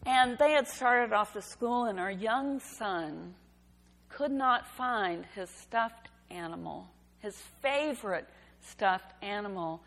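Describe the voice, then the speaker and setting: A woman giving a sermon, telling a story in a gentle, unhurried way. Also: mid-range voice, lively intonation. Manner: slow, gentle storytelling delivery. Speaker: preacher. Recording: reverberant hall.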